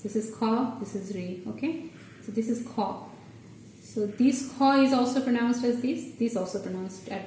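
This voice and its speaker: A woman's voice: on the high side, mellow, distant mic, slight background noise. Woman teacher in an echoey room. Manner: patient, explains step by step, halting restarts. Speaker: Bengali language teacher. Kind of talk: explaining at a board. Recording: echoey room, voice from off the mic, faint ambience.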